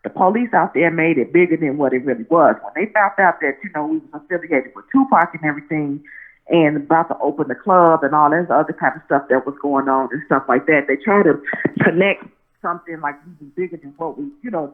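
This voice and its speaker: A woman's voice: sits low, fairly quick. A woman guest telling a story over the phone in a rambling way, full of restarts and "you know what I'm saying". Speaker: interview guest. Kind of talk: casual phone interview, storytelling. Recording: tinny phone line.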